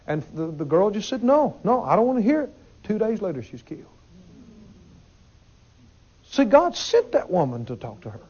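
A man's voice: high voice, big pitch swings, moderate pace, long pauses, darkish tone, slightly rough, dull audio. A man preaching a sermon in an emphatic way, repeating his phrases and putting questions to the congregation.

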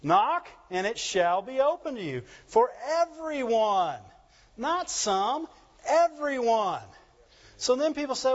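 Preaching a sermon, this high-voiced male pastor takes it slowly, using an animated call-and-response style. The audio sounds slightly dull and lo-fi.

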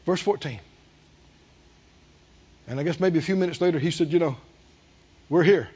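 A male pastor preaching a sermon in an animated way, drawing answers from the congregation. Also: a little high, moderate pace, pauses often, husky, muffled recording. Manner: animated preaching with call-and-response.

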